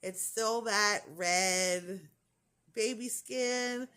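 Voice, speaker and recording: A woman's voice: medium pitch, lively intonation, moderate pace, fairly bright tone. A middle-aged woman vlogger telling a story in casual chat, indignant and chatty, quoting what others said.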